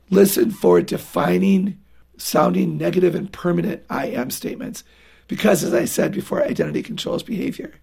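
Earnest husky-voiced woman guest. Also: lowish voice, animated, moderate pace, warm tone. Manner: earnest, emphatic, acts out dialogue with children. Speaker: guest parenting author. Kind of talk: radio interview.

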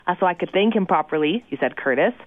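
A woman's voice: fairly low pitch, fast. Woman telling a story over a phone line. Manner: animated storyteller, laughs often. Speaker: caller on a radio show. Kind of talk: casual phone chat.

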